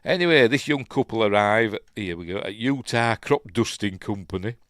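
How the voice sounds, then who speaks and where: A man's voice: lowish voice, animated, moderate pace, a bit bright, no room sound, studio quality. A man with a Yorkshire accent hosting a film review podcast, talking casually through the film and chuckling at his own asides.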